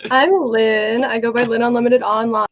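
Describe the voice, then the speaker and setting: A woman's voice: on the high side, steady tone, normal speed, lo-fi sound, background noise. A woman cosplayer from Canada introducing her character in a giggly, scattered way. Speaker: player, cosplayer. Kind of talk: casual self-introduction.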